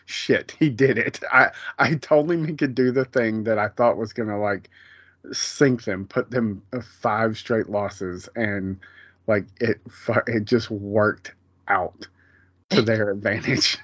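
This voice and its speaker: A man co-hosting a podcast in casual chat, loose and a bit profane, quoting scenes in quick bursts. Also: fairly low pitch, fairly even intonation, fairly bright tone, no echo, lo-fi sound. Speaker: podcast co-host.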